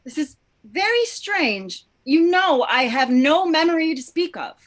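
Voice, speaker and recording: A woman playing a naive, polite amnesiac who speaks in a bright, wondering way, in a live play reading over a video call. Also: high-pitched, animated, measured pace. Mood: puzzled.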